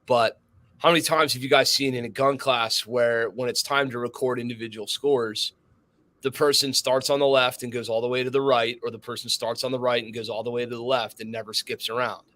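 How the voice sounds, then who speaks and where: A man's voice: medium pitch, a little fast. A man co-hosting a podcast as a firearms instructor, telling stories in casual, profane chat and acting out the people in them. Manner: profane, animated storytelling with acted-out voices.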